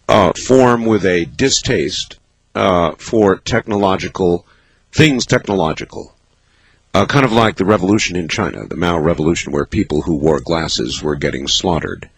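A man hosting a late-night call-in radio show from a studio, musing and halting as he thinks aloud. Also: sits low, slightly rough, dry recording, rough recording. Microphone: studio microphone.

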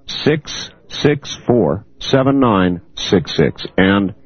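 A man hosting a call-in radio show, steady and measured as he takes callers and reads out a phone number. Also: on the low side, husky, no room sound. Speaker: radio host. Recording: dull lo-fi radio broadcast.

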